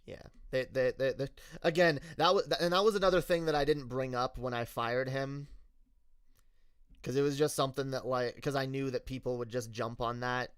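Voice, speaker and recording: A male streamer telling a story in a candid, halting way, often restarting his sentences. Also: medium pitch, steady tone, a bit bright, clear, resonant tone, no room sound, clean studio sound. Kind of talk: casual storytelling rant.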